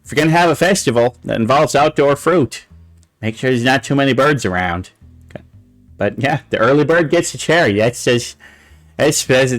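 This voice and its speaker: A man's voice: mid-range voice, expressive, normal speed, soft background music. Gushing, rambling male livestream host. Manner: gushing, cooing over pictures; rambling with many fillers and restarts. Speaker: talk show host. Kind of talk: casual livestream chat show.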